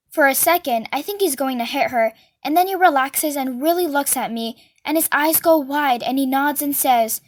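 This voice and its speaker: Casting: high-pitched woman, storybook reader, does all the voices. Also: normal speed, hardly any pauses. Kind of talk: reading a novel aloud.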